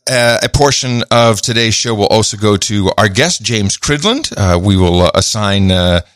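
A man with a very low voice co-hosts a podcast in relaxed, casual chat, dropping wry asides. The recording is dry and close, with little room sound. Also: moderate pace, dry recording. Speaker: podcast co-host.

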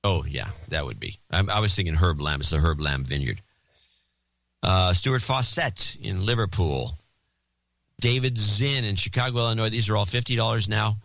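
A man with a fairly low voice reads a list of donors on a casual talk podcast, with banter between the names. He plays with the names he mangles. The sound is dry and close. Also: lively intonation, normal speed, gravelly, a bit bright, dry recording. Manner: jokey, mangles and repeats foreign names. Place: Oakland, California.

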